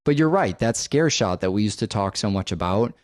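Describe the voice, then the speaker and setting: Low-voiced man talking films casually. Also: lively intonation, a little fast, no echo, clean studio sound. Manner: rambling, thinks aloud with many fillers. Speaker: podcast co-host. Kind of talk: casual film discussion.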